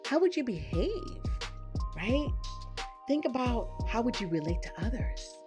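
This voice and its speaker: A bubbly, chatty woman hosts a live online workshop from her webcam. Her voice rises and falls with a lot of swing, and she keeps checking in with her viewers. Music plays clearly underneath her. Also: fairly high pitch, a little slow. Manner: bubbly, chatty and excitable, with lots of "right?". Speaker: online course creator and trainer.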